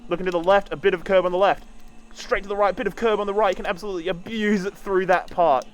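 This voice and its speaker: A man's voice: high-pitched, steady tone, fast talker. A man streaming a racing game, casually talking through each corner as he drives and swearing now and then. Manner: casual, swears, talks while driving. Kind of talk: live sim-racing commentary.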